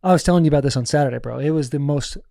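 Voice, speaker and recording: A man in his thirties, a former football player co-hosting a podcast, telling a story in animated, profane casual chat from a studio. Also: on the high side, very fast, gravelly, dry recording.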